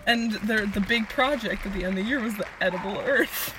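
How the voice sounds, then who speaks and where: A woman's voice: medium pitch, brisk, background noise. A young woman co-hosting a podcast, telling stories in giggly, filler-heavy casual chat. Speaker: podcast co-host.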